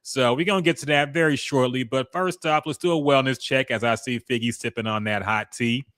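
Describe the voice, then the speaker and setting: A man co-hosting a casual sports podcast, relaxed and loose, who swears now and then and sometimes blanks on names. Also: mid-range voice, a little fast, no echo, clean studio sound. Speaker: podcast co-host.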